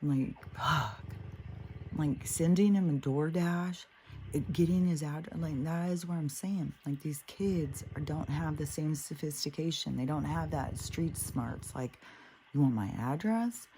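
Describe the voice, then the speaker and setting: A woman's voice: low voice, steady tone, measured pace, dark tone, a little hiss or hum. A middle-aged woman hosting a spiritual show, telling a story in a blunt, casual way that is full of swearing and fillers. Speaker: spiritual podcast host.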